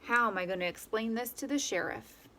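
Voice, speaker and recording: A woman voicing a flustered small-town male deputy in a picture book, in a slow folksy way. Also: a little high, expressive, noisy background, close to an everyday voice.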